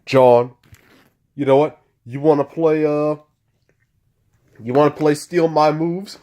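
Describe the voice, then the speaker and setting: Host calling a wrestling video game at a very slow, drawn-out pace, excitable, talking to the wrestlers on screen. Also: mid-range voice. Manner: excitable, full of gasps and "oh" exclamations. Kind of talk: play-by-play game commentary.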